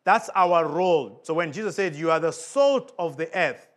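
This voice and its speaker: A man preaches to his congregation with a fairly high voice. He stresses his points hard, his volume swelling and dropping, and he often asks his listeners questions. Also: lively intonation, normal speed, fairly bright tone. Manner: emphatic, with big swings of pitch and volume. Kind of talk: sermon.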